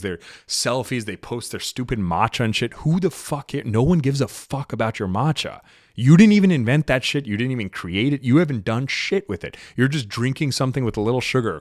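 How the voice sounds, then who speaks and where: A man's voice: mid-range voice, dry recording. Brief: young male podcast host, blunt and profane, lectures solo, mid-range voice, dry close sound. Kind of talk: monologue.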